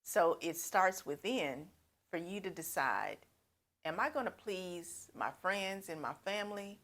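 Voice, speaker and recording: Low-voiced woman life coach. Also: lively intonation, unhurried, fairly bright tone. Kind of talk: advice talk to camera.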